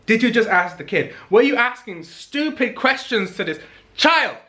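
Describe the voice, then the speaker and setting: A young man from England, telling a story in a casual vlog in an animated, emphatic way, repeating lines for effect. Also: very high voice, normal speed.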